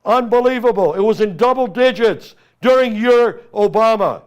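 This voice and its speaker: A man's voice: high voice, normal speed, clear, resonant tone, lo-fi sound. A middle-aged Armenian American man, a congressional candidate hosting a talk show, giving an emphatic, impassioned political monologue and addressing opponents directly.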